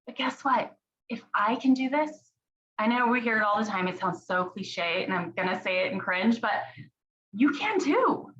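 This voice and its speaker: A woman's voice: medium pitch, lively intonation, moderate pace, a bit bright, a little hiss or hum. Earnest, chatty woman in her thirties. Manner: chatty, earnest, says "you guys" and "y'all". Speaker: team leader sharing her story. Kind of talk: motivational talk. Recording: dull lo-fi recording.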